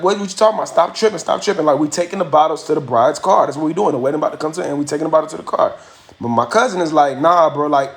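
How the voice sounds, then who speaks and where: A man, hosting a livestream and telling a story casually, slangy and animated, repeating phrases for effect. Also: fairly high pitch. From Miami, USA. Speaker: livestream host.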